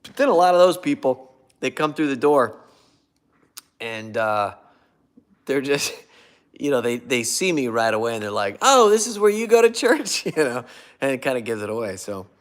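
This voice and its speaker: A man's voice: medium pitch, moderate pace, pauses often. Man, livestream host, casual chat, rambling, loses his thread, reads and thanks viewer comments.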